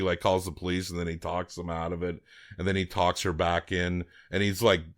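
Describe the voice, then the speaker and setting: A man with a fairly low voice co-hosts a film podcast. He recaps the plot in loose, casual chat. He rambles, restarts his sentences and swears without a second thought. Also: fairly bright tone.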